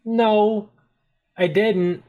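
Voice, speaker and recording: A player in a tabletop role-playing game, talking in lively, joking banter. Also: mid-range voice, drawn-out words.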